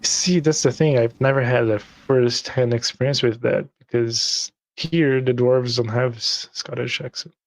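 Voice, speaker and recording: A man's voice: medium pitch, steady tone, unhurried, hardly any pauses. A man from Brazil chatting eagerly about role-playing games, often repeating words.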